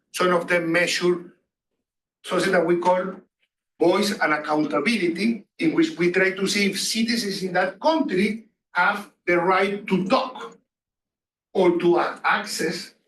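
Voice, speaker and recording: Male lecturer, high voice, repeats himself, roomy distant sound. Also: fairly bright tone, slight background noise. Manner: questions the students, repeats phrases. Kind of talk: classroom lecture. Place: classroom. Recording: echoey distant room recording.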